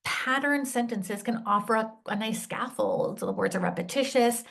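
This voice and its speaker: A woman's voice: on the high side, very animated, normal speed. Woman teacher trainer, "right?"-tagging delivery. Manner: ends many points with a questioning "right?". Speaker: literacy educator presenting a teacher workshop. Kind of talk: instructional presentation.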